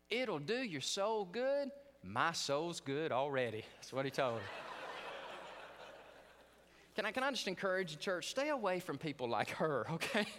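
A middle-aged man preaching a chapel sermon, telling stories in an animated way with frequent stumbling restarts. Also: on the high side. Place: seminary chapel. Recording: long reverb of a chapel hall.

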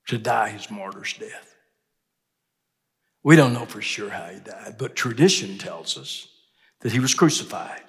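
An older man preaching a sermon in a chapel, emphatic, climbing to loud peaks when he quotes scripture. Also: lowish voice. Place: seminary chapel. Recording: long hall reverb.

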